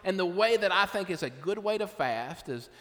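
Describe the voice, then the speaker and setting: A man's voice: high voice, lively intonation, normal speed, fairly bright tone, slight background noise. A middle-aged male pastor preaching a sermon in a casual, conversational way, often checking in with "right?". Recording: long reverb of a hall.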